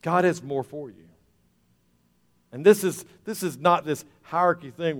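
Folksy pastor preaching in a hall. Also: male voice, fairly high pitch, a little slow. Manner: folksy, rising to fervent emphasis. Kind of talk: sermon. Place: church sanctuary. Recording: reverberant church hall, soft music.

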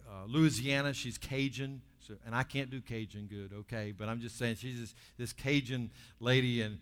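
A man preaching a sermon in church, swinging between loud bursts and quiet asides. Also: medium pitch, steady tone, normal speed, smooth. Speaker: pastor.

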